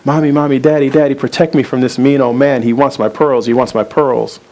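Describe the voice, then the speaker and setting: A man's voice: medium pitch, steady tone, fairly quick, darkish tone, lightly acted. A man telling of a pleading little girl. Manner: pleading, repetitive. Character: frightened little girl clinging to her pearls.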